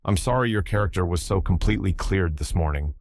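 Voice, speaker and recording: A male narrator voicing a brisk, blunt young aristocratic woman who talks in a breezy, offhand way. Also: deep voice, slight background noise, lightly acted.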